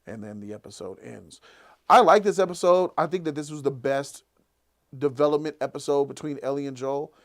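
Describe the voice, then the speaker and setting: A man hosts a casual live after-show, talking through an episode with a slightly high voice. He retells scenes with energy, dropping into the characters' lines as he goes. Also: brisk. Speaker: show host.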